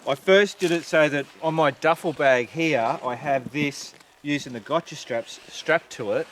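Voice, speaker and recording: A man's voice: on the high side, measured pace. A middle-aged man with an Australian accent, a motorcycle vlogger telling a rambling story outdoors, swearing freely and padding his talk with fillers. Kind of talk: casual storytelling to camera. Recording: loud outdoor wind and traffic noise.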